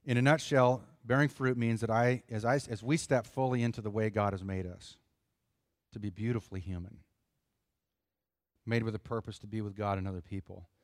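A middle-aged man preaching a sermon in an earnest, conversational way, pausing for emphasis. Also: fairly low pitch, fairly even intonation, dry recording, clean studio sound. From United States. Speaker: pastor.

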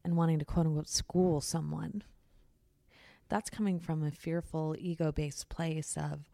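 A woman with a low, mellow voice talks frankly in a relaxed, candid conversation. She swears freely and slips into little acted-out voices when she quotes people. The recording is dry and close. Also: measured pace, gravelly, dry recording.

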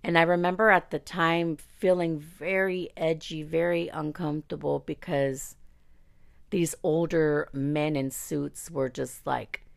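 A woman's voice: low-pitched, steady tone, a little slow, creaky. A woman telling a candid personal story about her singing career, blunt and outspoken, swearing freely. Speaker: singer recounting her career.

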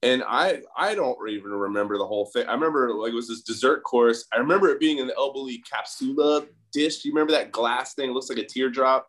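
A middle-aged man in casual chat, chiming in with laughs and quick stories. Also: medium pitch, fairly bright tone. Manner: chimes in, laughs, tells quick anecdotes.

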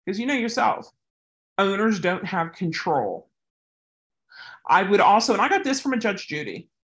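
A woman's voice: on the low side, fairly bright tone. A woman who handles service dogs, answering a viewer's question in a casual, rambling way with plenty of tangents. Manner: rambling, goes off on tangents, chatty. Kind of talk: casual advice vlog.

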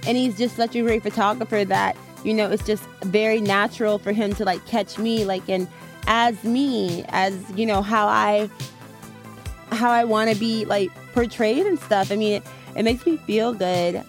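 A woman's voice: mid-range voice, moderate pace, soft background music. A young woman from Atlanta, talking casually as an interview guest in a chatty, upbeat way, with lots of "like.". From Atlanta, USA.

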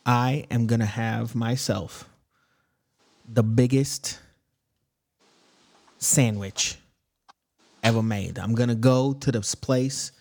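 A boastful, not-too-bright Southern man who lives in a basement, played by a man. He rambles, hunts for words and brags about dubious achievements in an improvised comedy chat. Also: medium pitch, fairly even intonation, slow, gravelly, long pauses, pitched below the performer's own voice. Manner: rambling, loses his words, defensive bragging.

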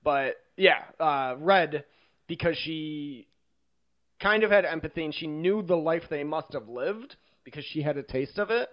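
A man's voice: on the high side, unhurried. A young man chatting enthusiastically in a casual movie discussion. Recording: dull lo-fi sound.

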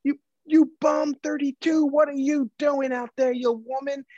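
A scornful old male sports fan who keeps shouting taunts, pitched well up and cranky, as a podcast host puts him on. The jeers come in short, repeated bursts. The sound is dull and dry. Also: level tone, unhurried, no room sound. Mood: jeering. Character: old male heckler at a college game, scornful.

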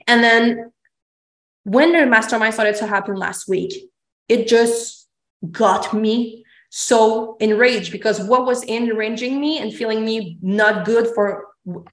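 A woman host shares her story in a raw, confessional way, punching her words hard and swearing freely. Her voice sits slightly high. The room around her rings with noticeable echo. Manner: emphatic, swears freely, acts out her own past lines. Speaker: podcast host. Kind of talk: candid confessional chat. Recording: roomy echo.

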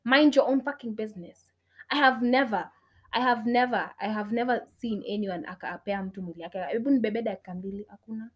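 A young woman vlogger rants her opinions straight to camera, talking a little fast and swearing a lot. She flips between English and Swahili, and her voice swings from sharp, loud outbursts to low, near-whispered muttered asides.

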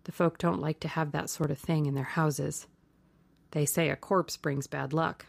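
A woman's voice: deep voice, fairly even intonation, normal speed, gravelly, no room sound. A woman voicing an older male gamekeeper who speaks plainly and respectfully. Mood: deferential. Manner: respectful, subdued, plain-spoken.

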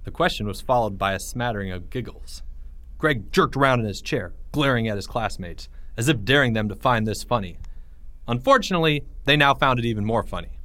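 Fairly quick and mid-range, this man's voice carries his own scripted children's story, as the author takes on each character one after another with lively expression. There's no room sound at all.

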